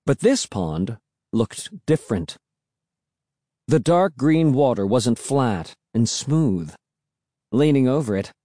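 A man reading a first-person story aloud, with an expressive, animated delivery. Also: medium pitch, no echo, clean studio sound. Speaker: audiobook narrator.

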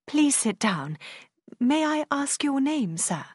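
Woman reading as calm gracious mother, gentle and measured, dry sound. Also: sits high, no room sound, pitched above the performer's own voice, full character voice.

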